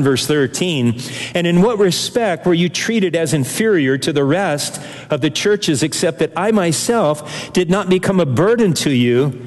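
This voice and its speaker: An older man preaching a sermon as pastor, earnest and animated, with fillers and restarts. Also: a little high. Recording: long reverb in a large hall.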